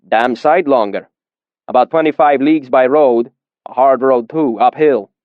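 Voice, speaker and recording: Male reader as a gruff, slow weathered drinker at the bar, dull dry audio. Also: medium pitch, no echo, natural voice. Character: weathered old male tavern patron.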